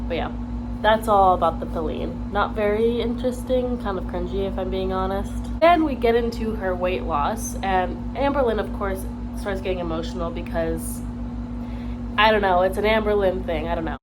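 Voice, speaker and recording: A woman's voice: medium pitch, background noise. A woman hosting a commentary video, recapping a livestream with dry, mildly sarcastic remarks. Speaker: commentary host. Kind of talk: casual commentary narration.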